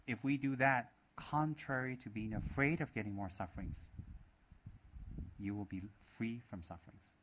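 A man's voice: mid-range voice, normal speed, fairly bright tone, a little hiss or hum. A man giving a Buddhist dharma talk, emphatic and repetitive, asking many rhetorical questions. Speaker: Buddhist teacher.

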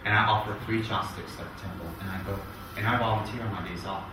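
A man giving a Buddhist dharma talk, animated, mimicking people and rising into loud indignation. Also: lowish voice, quick pace, over music. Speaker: Buddhist teacher. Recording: echoey hall, picked up from a distance, with background noise.

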